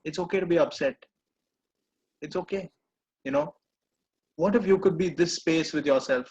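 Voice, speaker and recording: A man coaching a live group, gently repeating reassuring phrases. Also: a little high, animated, normal speed, gravelly, dull audio. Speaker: personal growth coach.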